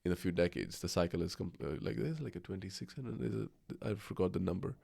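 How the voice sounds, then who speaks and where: A man with a low, gravelly, dark voice chatting casually on a podcast. He rambles eagerly from one idea to the next, full of fillers and false starts. The sound is dry and close. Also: fast talker, no echo. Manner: rambling, enthusiastic, with fillers and restarts. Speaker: podcast co-host. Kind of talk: casual conversation.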